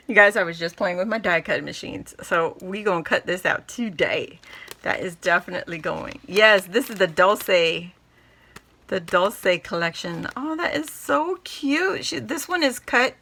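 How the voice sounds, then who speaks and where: A woman vlogger unboxing a craft haul in casual chat, gushing and excitable, laughing often. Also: mid-range voice, unhurried.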